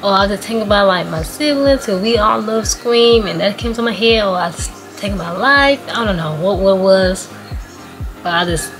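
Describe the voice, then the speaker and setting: A young woman, chatting excitedly to her viewers and telling a story in a casual vlog. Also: mid-range voice, brisk, music in the background. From Atlanta, USA. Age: 20s. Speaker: vlogger.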